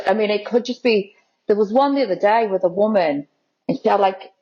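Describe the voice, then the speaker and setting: A woman guest in a casual interview, telling stories in an animated, excited way. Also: medium pitch, a little fast, highs cut off. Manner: animated, excited storytelling with quoted voices. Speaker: guest, content creator.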